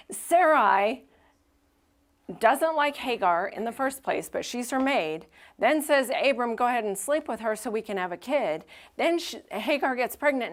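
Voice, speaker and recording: A woman pastor preaching a sermon in a church, in a casual, conversational way, acting out the people in the story as she tells it. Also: on the high side. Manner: conversational, animated retelling with acted-out quotes. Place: church sanctuary.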